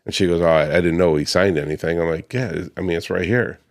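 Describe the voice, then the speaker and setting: A deep-voiced, fast-talking American tells the camera casually about a client dispute from his paver restoration work. He imitates the people involved and peppers the story with ums and restarts.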